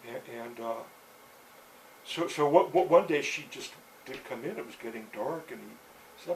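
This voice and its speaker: A man's voice: medium pitch, moderate pace, pauses often, a little mellow, distant mic, rough recording. A man telling a rambling story in casual speech, filling it with "you know" and restarts. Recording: voice set back from the mic, faint background hiss.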